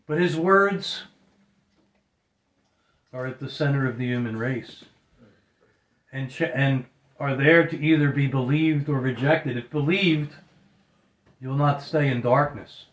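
A man's voice: mid-range voice, slow, long pauses. A man preaching a sermon earnestly, often repeating phrases for emphasis. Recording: roomy echo.

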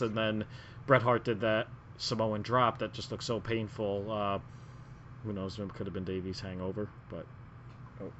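On a casual wrestling podcast, a male co-host rambles through his picks with lots of filler words and restarts. His fairly low, somewhat bright voice comes through muffled lo-fi audio with a faint hiss or hum.

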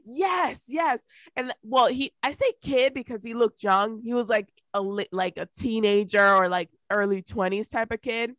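A woman's voice: moderate pace, no echo. A woman co-hosting a casual chat podcast, telling a story with lots of swearing and acted-out quotes. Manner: animated, profane, acts out quotes in a raised pitch. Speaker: podcast co-host.

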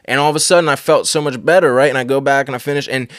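A man's voice: medium pitch, fairly even intonation, racing, fairly bright tone, no echo, clean studio sound. A man telling a personal faith testimony in a casual, earnest way, repeating phrases for emphasis. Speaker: Christian speaker and podcast host.

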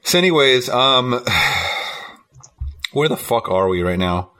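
This podcast co-host speaks slowly in a medium pitch, his tone bright, forceful and expressive. He's casually walking through a horror film's story, swearing a lot, wandering off track and laughing at the scenes he describes.

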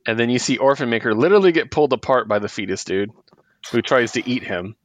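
A man's voice: mid-range voice, fast talker, slight background noise. A man co-hosting a podcast, casually recapping comic books, laughing often and acting out the characters' lines. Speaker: podcast co-host. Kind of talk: casual comic book discussion.

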